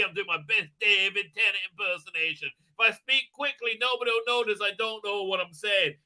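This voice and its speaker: A man with a high, bright, sharply edged voice rambles through a casual episode review. He stumbles over fillers and restarts, and his tone stays dry and sarcastic. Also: steady tone, fairly quick, hardly any pauses. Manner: mocking put-on voices for characters. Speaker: video reviewer.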